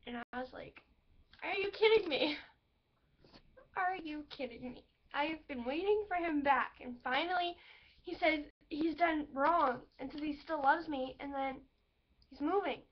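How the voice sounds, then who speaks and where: A woman's voice: high voice, moderate pace. A young woman telling a personal story to her viewers in a rambling, emotional way, with many fillers. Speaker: vlogger. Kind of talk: personal vlog talking to camera. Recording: dull lo-fi webcam audio.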